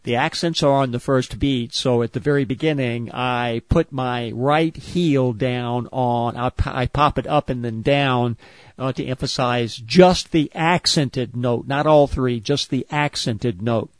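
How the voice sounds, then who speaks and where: A man calmly explaining a movement exercise step by step, repeating each point with care. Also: mid-range voice, unhurried, no room sound. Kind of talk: step-by-step instruction.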